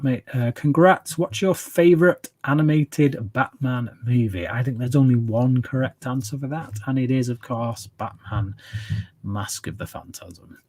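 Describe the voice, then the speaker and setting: A man with a fairly low, darkish voice runs a casual livestream Q&A, answering viewers' questions. He rambles and voices strong opinions, humming filler syllables as he reads the chat.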